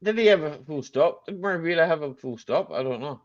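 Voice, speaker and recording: A man's voice: a little high, expressive, fairly quick, muffled recording. A man hosting a casual live chat stream, joking and laughing a lot as he answers viewers. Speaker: livestream host.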